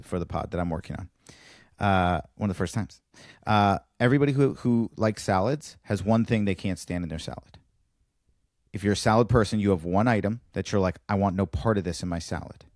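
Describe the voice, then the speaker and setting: Man, low voice, comedic storyteller, lively jumps in pitch, dry close sound. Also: dry recording. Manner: animated storyteller, acts out dialogue with big pitch jumps. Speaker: podcast co-host, comedian. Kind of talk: casual chat, telling a stand-up bit.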